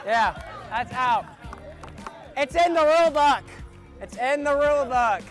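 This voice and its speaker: A young man with a very high voice argues the rules and teases his teammates on an outdoor court. He is picked up by a far camera, with clear music behind him. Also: expressive, a little slow, some chatter behind. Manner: argumentative, teasing trash talk. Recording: distant outdoor audio with music.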